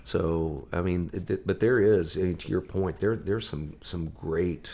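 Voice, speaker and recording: A man with a low, gravelly voice relaxes into a long anecdote in casual conversation. He acts out the voices of the people in his story and carries the listener along with it. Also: measured pace. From Ohio. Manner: lively storyteller acting out quoted voices. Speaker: guest musician.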